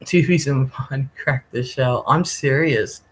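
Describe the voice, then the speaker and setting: A man's voice: mid-range voice, measured pace, a little hiss or hum, low-quality recording. A man hosting a live stream, telling a rambling story casually, often laughing and swearing. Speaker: livestream host.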